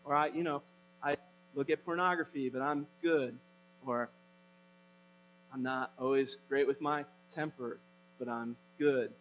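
A man's voice: mid-range voice, steady tone, unhurried, long pauses. A man in his thirties, a pastor, preaching a sermon in a conversational storytelling way that rises to emphatic preaching. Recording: dull, hum, long reverb.

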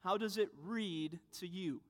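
A man's voice: sits high, measured pace. A young man giving a sermon as pastor, conversational with rhetorical asides. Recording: reverberant hall.

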